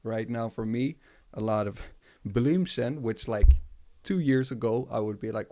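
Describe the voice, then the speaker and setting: A music producer hosts a casual livestream, his medium-pitched voice mellow and unhurried. He rambles loosely, laughs a lot, and swears without holding back.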